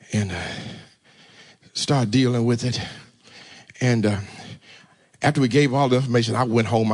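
A married man preaching a testimony sermon, telling a story and calling on the congregation to talk back, with sudden shouts. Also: mid-range voice. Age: adult, married. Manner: call-and-response, urging the congregation to answer.

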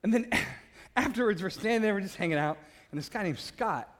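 Passionate, loud man with a high voice, sharing a personal testimony with a laugh at himself. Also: fairly quick. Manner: animated storyteller, laughs at himself, stumbling repeats; passionate and loud by his own account. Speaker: speaker sharing his faith testimony.

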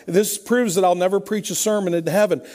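A man preaching a sermon, his voice sitting notably high for a man. He talks in a conversational, emphatic way, stacking repeated refrains as he builds his points. He sounds middle-aged. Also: steady tone, brisk, a little mellow. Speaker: pastor.

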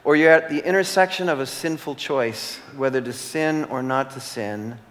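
A man preaching a sermon as a pastor. He speaks earnestly, repeats key phrases and holds long dramatic pauses. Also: mid-range voice, fairly bright tone, a little hiss or hum. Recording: long hall reverb.

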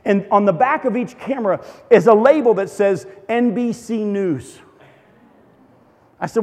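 High-voiced preacher in a reverberant hall. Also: male voice, unhurried, a little mellow. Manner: conversational, humorous anecdotes. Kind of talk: storytelling sermon. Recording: long reverb of a large hall.

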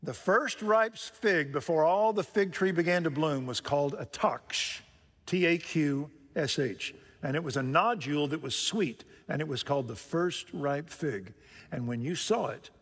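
Male pastor, sermon delivery, slightly high voice, big dynamic swings from loud to hushed, long church reverb. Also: expressive, a little slow, breathy edge. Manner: dynamic preaching, swinging from loud rising emphasis to hushed quiet.

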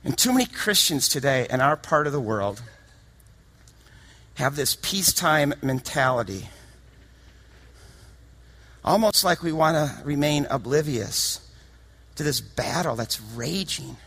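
A man preaching a sermon with passion, dropping to a hush and then rising to shouts. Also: on the high side, animated, measured pace, long pauses, slightly rough. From United States. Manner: impassioned, swings from hushed to shouting.

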